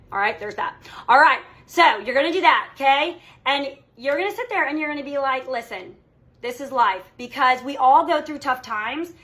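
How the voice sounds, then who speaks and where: A woman's voice: a little high, sharp tone. A woman in her thirties giving a motivational training talk to her sales team, emphatic and coaching, checking in constantly with "okay?" and "all right?". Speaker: direct sales team leader.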